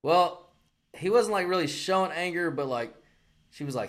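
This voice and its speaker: A man, co-hosting a casual podcast chat, animated and profane, acting out other people's lines as he tells a story. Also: a little high, quick pace. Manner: animated storyteller, heavy swearing, acts out quotes. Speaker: podcast co-host.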